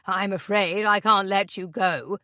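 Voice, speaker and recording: A woman's voice: medium pitch, animated, moderate pace, no echo, clean studio sound, lightly acted. A woman reading an audiobook, voicing a menacing middle-aged man who mocks and threatens his captives. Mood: sinister. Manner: sinister, mocking, shouting.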